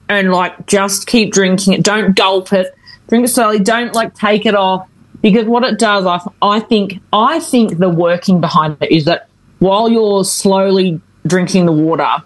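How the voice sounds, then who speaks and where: A woman co-hosting a radio show, telling a long, chatty story in casual talk. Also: medium pitch. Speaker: radio co-host.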